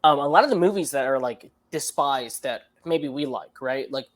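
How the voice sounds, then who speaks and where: A man's voice: medium pitch, expressive, moderate pace. A man co-hosting a movie review podcast, talking in a casual, rambling way with lots of fillers. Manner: rambling, many fillers and restarts. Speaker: podcast co-host.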